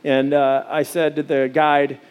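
A man's voice: fairly high pitch, flat delivery, a little slow, smooth, lo-fi sound. A man in his forties from Arkansas, preaching a sermon in a folksy, conversational storytelling way. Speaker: pastor.

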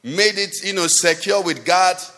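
In a church hall with long, trailing reverb, a pastor from Nigeria delivers his sermon in a high-pitched, bright, forceful voice. He takes his time, posing rhetorical questions to the congregation with strong emphasis.

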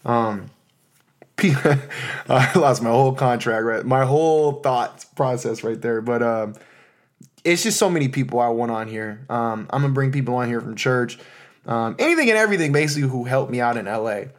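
An American man in his thirties talks alone on his podcast in a casual, rambling way. His voice sits at an ordinary middle pitch, and his talk is full of fillers and heartfelt thanks. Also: lively intonation, normal speed. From United States. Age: 30s. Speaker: podcast host. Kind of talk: casual solo podcast monologue.

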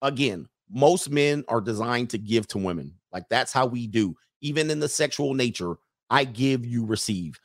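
A man's voice: mid-range voice, expressive, normal speed. A man hosting a casual commentary show, talking bluntly with profanity and mocking jokes, laughing at his own remarks. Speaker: host.

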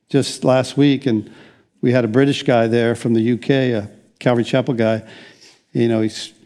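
A man's voice: mid-range voice, warm tone. An older man preaching a conversational sermon as pastor, rambling along with frequent restarts and wry asides.

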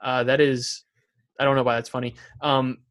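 A man's voice: mid-range voice, level tone, normal speed, a bit bright. A man co-hosting a podcast, chatting casually and reading out funny quotes from a show with a laugh. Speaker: podcast co-host. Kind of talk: casual chat.

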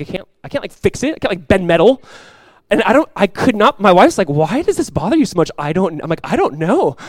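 A young man preaching fast in a dry, close sound, his voice sitting a little high for a man. He talks in a conversational, self-deprecating way and climbs to emphatic peaks. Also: dry recording. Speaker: pastor. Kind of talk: sermon. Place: church.

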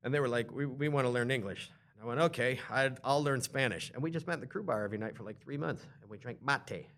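A chatty man of middle pitch tells stories in casual conversation. He slips into quick impressions of other people and laughs often as he talks. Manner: animated storyteller, mimics others in put-on voices; laughs often while talking. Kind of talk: casual chat.

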